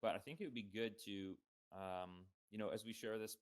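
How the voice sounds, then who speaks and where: A man hosting a casual podcast interview, asking loose, relaxed questions with plenty of fillers. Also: lowish voice, normal speed. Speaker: podcast host.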